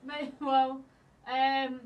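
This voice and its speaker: A woman's voice: high-pitched, little pitch movement, extremely slow, far from the mic, lo-fi sound. A woman co-hosting a comedy podcast, telling a story with lots of hesitation and laughter. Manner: hesitant, giggly, filler-heavy. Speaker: podcast co-host.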